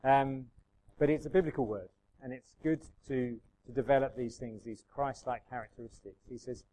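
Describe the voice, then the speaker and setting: A man giving a conversational sermon as the pastor, slowing down to read scripture aloud. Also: mid-range voice, fairly even intonation, warm tone, poor audio. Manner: conversational preaching with fillers, slows and lifts his voice when reading scripture.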